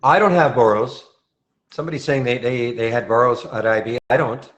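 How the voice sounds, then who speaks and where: A man's voice: mid-range voice, brisk, fairly bright tone, muffled recording. A man hosting a live trading room, commenting on stock charts in a casual, thinking-aloud way with frequent restarts.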